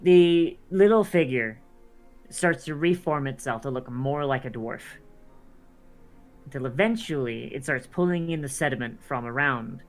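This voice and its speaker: A man's voice: medium pitch, a little slow, soft background music. A man narrating as dungeon master, talking loosely with many fillers and restarts. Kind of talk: narrating a tabletop game.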